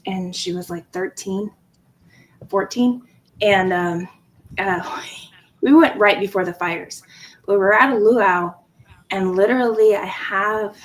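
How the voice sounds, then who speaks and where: A woman in her forties telling family stories in a casual chat, animated and laughing often. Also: medium pitch, slight background noise, rough recording. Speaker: guest in a live chat stream.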